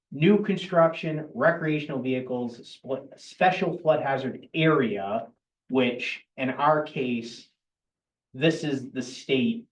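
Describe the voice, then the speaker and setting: A man's voice: medium pitch, muffled recording. A man presenting regulation changes at a town board meeting, speaking plainly and matter-of-factly with the odd dry aside. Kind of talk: explaining regulations at a public meeting. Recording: roomy, distant public-meeting recording.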